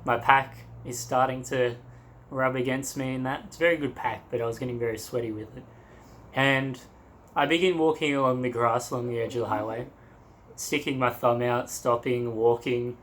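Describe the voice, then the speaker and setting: A man's voice: medium pitch, steady tone, moderate pace, a bit bright, slight background noise. Young man telling a travel story. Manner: loose and rambling, with laughs and crude asides. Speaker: travel vlogger. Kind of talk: casual storytelling to camera.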